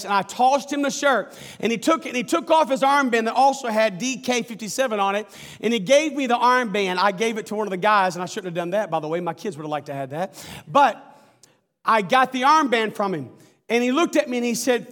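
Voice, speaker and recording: A man preaching a sermon, telling a story with animated, folksy asides to the congregation. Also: very high-pitched, fairly quick, in a large hall. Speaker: pastor.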